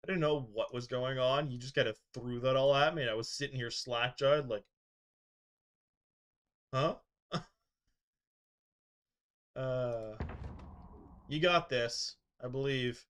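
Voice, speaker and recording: A man's voice: medium pitch, unhurried, long pauses, fairly bright tone, clean tone. A man chatting casually as he streams a game, laughing often and grumbling at it. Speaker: gaming streamer. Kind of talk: casual live-stream commentary.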